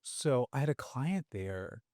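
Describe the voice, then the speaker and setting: A podcast host who asks rambling, animated questions full of restarts and "like.". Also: mid-range voice, takes it slowly, no echo, clean studio sound. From Tennessee, US. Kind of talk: casual interview conversation.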